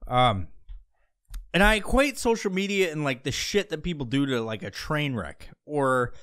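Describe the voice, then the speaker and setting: A man's voice: fairly high pitch, expressive, moderate pace, a bit bright, clean tone. A man hosting a podcast, rambling crudely and sarcastically with lots of fillers and swearing. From Pacific Northwest. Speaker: podcast host. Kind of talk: casual profane monologue. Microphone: podcast mic.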